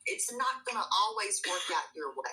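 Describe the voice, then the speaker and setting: Sarcastic woman with a bright, lively voice. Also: mid-range voice, normal speed. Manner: sarcastic, taunting, profane. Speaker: guest in a heated live-stream argument. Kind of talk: heated confrontational argument.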